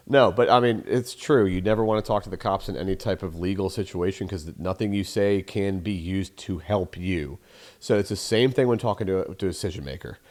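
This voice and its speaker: A young man talks through sales tactics off the cuff, rambling and swearing freely. He has a medium-pitched voice and slips into quick voices for phone calls. His delivery is loose and unscripted. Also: lively intonation. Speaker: sales trainer and host. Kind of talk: casual advice monologue.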